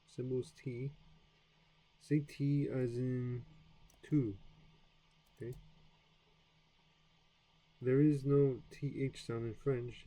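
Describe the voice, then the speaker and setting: A man's voice: medium pitch, mellow, poor audio. A man learning a language on camera, reading from a textbook and joking about his own stumbling attempts. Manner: self-deprecating, stumbling through attempts, laughs at himself. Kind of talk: reading a textbook aloud and chatting. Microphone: camera mic.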